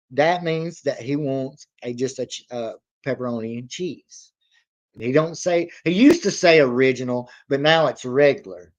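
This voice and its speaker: A man in his thirties with a drawl hosts a casual livestream, rambling from one story to the next in a folksy, easygoing way. He laughs often and reads viewer comments aloud as he goes. His voice sits at a middling pitch, and the stream audio is a little dull and lo-fi. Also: darkish tone. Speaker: livestream reaction host.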